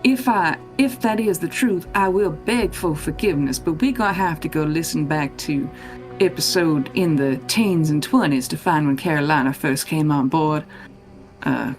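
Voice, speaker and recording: A woman co-hosting a podcast, chatting playfully and teasing in quick bursts. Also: low voice, faint music behind. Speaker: podcast co-host. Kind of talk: casual chat.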